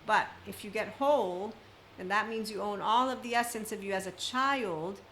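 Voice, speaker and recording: A woman's voice: medium pitch, normal speed, fairly bright tone, a little hiss or hum, low-quality recording. A woman speaking as a spiritual self-help speaker, talking emphatically in long run-on sentences in an unscripted monologue.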